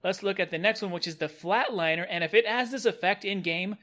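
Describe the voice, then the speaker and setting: A man's voice: high-pitched, fairly quick, pushed and bright. A young man casually reviewing new game cosmetics, upbeat and rambling. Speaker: gaming video host.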